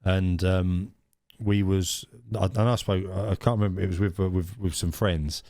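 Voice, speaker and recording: A man's voice: deep voice, fairly even intonation, normal speed, mellow, no echo, studio quality. A man co-hosting a podcast, chatting casually and telling a story with many restarts and ums. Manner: hesitant, many restarts and ums, bursts of surprise. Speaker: podcast co-host.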